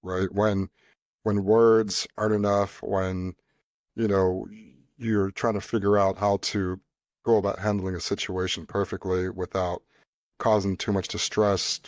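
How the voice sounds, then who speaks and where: A man co-hosting a podcast, telling stories in an animated way and chiming in with agreement. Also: on the low side, no room sound, studio quality. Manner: animated storyteller, frequent agreement sounds. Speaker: podcast co-host. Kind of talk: casual chat.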